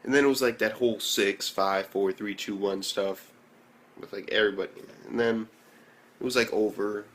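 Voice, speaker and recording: A young man reviewing an anime episode in a casual, excitable rant full of slang and swearing. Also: on the low side, moderate pace, a little hiss or hum.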